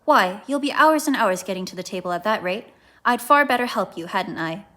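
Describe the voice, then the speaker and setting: A woman's voice: medium pitch, lively intonation, brisk, pushed and bright. A woman voicing Alice, a curious and polite little girl, in a children's storybook reading. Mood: eager.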